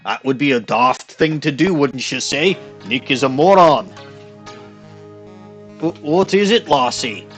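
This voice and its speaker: A man's voice: mid-range voice, lively intonation, unhurried, a bit bright, faint music behind. A man playing through a game, reading the dialogue aloud in a goofy put-on Scottish accent and commenting on the story. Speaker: let's play streamer.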